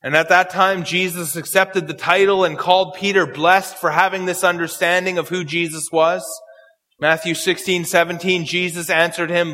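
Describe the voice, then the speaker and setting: Man, preacher, high voice, bright tone, teaching through scripture, long hall reverb. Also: level tone. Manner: explains verse by verse, quotes scripture slowly. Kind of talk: expository sermon.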